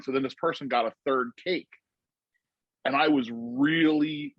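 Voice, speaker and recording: A man's voice: medium pitch, huge pitch swings, a little slow, vocal fry, no room sound, dull audio. A man co-hosting a podcast, telling a personal story in casual chat, rambling with fillers and restarts.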